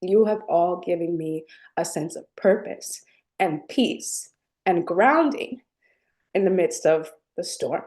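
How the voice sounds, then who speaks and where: A woman hosting a live-streamed spiritual talk, gentle and affectionate as she speaks to her viewers and reads their chat. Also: lowish voice, expressive, takes it slowly. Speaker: spiritual channel host.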